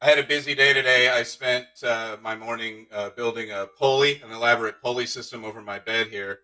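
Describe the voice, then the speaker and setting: A man doing a stand-up comedy set, telling deadpan one-liners with awkward asides. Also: mid-range voice, brisk, far from the mic, low-quality recording. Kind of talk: stand-up set streamed live.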